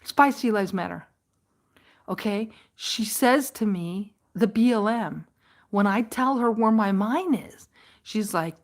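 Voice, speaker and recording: A woman vlogger telling a rambling story on a live stream, animated and laughing often. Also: mid-range voice, slow.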